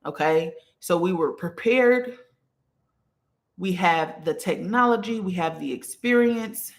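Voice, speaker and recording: Speaking slowly but with animation at a medium pitch, a spiritual teacher leads a casual live stream lesson from notes. "Okay?" comes up often, along with greetings to viewers during the teaching. A candle and incense burn in the small room.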